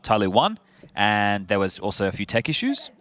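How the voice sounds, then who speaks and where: A man's voice: fairly low pitch, sing-song, normal speed, a bit bright. A man doing live play-by-play commentary as an esports caster, joking in banter between calls. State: has the hiccups.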